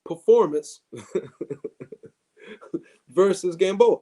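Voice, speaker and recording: A man's voice: high-pitched, extremely slow, dark tone. A man hosting a live stream, chatting loosely about boxing, with many fillers and restarts.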